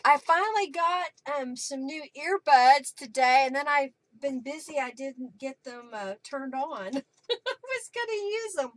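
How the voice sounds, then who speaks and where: Slow chatty woman, higher voice. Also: lively intonation. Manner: chatty, greets viewers by name, narrates each step. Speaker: craft livestream host. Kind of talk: live crafting demo and chat.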